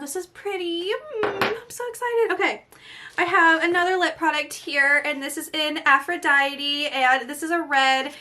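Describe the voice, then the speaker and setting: Bright high-voiced excitable woman vlogger. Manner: gushing, excitable, often breaks into soft exclamations. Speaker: beauty vlogger. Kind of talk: casual unboxing vlog.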